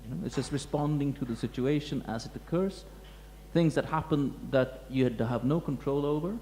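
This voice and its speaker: Man lecturing, thoughtful and halting, warm low tone, recorded in a reverberant hall with light hum. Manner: halting, many restarts and fillers, reflective. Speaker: museum curator giving a talk. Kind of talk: lecture talk to an audience. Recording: echoey hall with faint hum.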